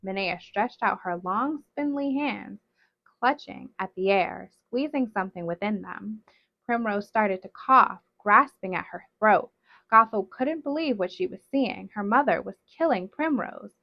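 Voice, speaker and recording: A woman reading a novel aloud in steady, dramatic narration, on a dull, dry recording. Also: mid-range voice, measured pace, creaky, dry recording. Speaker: storybook reader.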